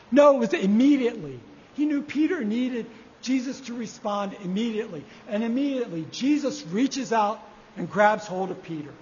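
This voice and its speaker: A man preaching a sermon, measured and repeating key phrases for emphasis. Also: very high-pitched, animated, a little mellow, a little hiss or hum. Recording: echoey hall, dull lo-fi sound.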